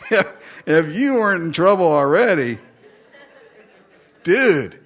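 Here a male pastor delivers a jokey, lively sermon, performing the characters in the story with voices. He speaks slowly in a high-pitched voice, captured on a dull, lo-fi recording.

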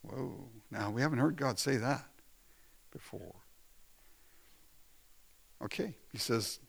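A man's voice: mid-range voice, animated, takes it slowly, gravelly, pauses often, slightly rough. A man preaching a conversational sermon, often laughing and acting out quoted lines. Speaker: pastor.

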